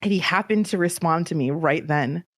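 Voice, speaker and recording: A woman's voice: on the low side, moderate pace, no echo, clean studio sound. A woman in casual podcast talk, telling a story with emotion and animation. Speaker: streamer guest.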